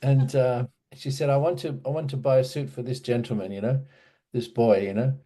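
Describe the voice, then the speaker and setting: A man's voice: mid-range voice, steady tone, fairly quick, warm tone. A man casually telling a personal memory in an interview, hesitant, with many restarts and fillers. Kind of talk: casual storytelling.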